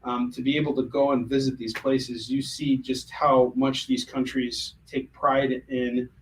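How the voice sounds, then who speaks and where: An American man chats casually on a livestream, jumping between comic sales and stories with lots of ums and restarts. His voice sits at an ordinary middle pitch. Faint noise hums behind him. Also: unhurried, rough recording. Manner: animated, jokey, hesitant with fillers. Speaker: host selling comics.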